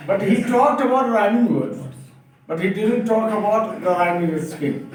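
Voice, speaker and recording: Indian guy teaching a room of teachers, slow emphatic talk, far off in a really echoey hall. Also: high voice, animated. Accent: Indian English. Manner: emphatic, asks the room questions. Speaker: workshop trainer for teachers. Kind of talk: lecturing a workshop. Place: classroom or hall. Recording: very echoey room, distant mic, faint noise.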